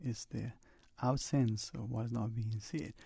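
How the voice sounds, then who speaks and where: Gravelly, dark-voiced male radio host. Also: medium pitch, steady tone, dry recording, clean studio sound. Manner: reflective, measured, picks words carefully. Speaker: radio talk show host. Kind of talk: casual radio chat.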